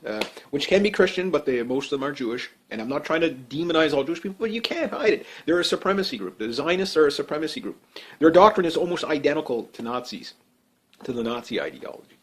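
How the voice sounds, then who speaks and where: A man giving off-the-cuff political commentary, blunt and emphatic, rambling with many fillers and restarts. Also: fairly high pitch.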